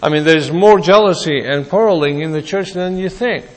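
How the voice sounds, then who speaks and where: A man's voice: on the high side, a little fast. A male pastor preaching a sermon in a conversational way, acting out the voices of imagined listeners. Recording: long hall reverb.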